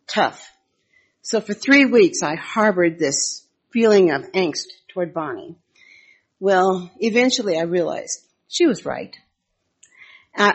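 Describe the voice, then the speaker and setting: Older lady giving a church talk, husky, lowish voice, homey storytelling. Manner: homely storytelling with Bible readings. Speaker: church speaker giving a devotional. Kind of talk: conversational devotional talk.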